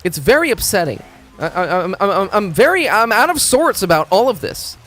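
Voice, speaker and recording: A man's voice: high voice, big pitch swings, brisk, a bit bright, soft background music. A man streaming games in a rambling, profane chat, stumbling over his words and restarting sentences. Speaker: game streamer. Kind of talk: casual live-stream chat.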